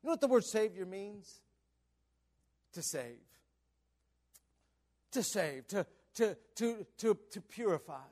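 Man, Baptist preacher, church sermon, very high voice, loud-to-hushed swings, questions the congregation. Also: lively intonation, takes it slowly, long pauses. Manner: swings between shouting and hushed low tones. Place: church sanctuary.

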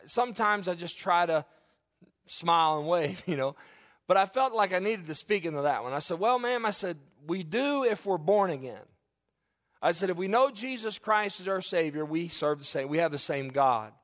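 A man's voice: sits high, a bit bright. A middle-aged male pastor preaching a sermon earnestly, with folksy asides and frequent restarts. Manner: folksy, joking asides to the congregation.

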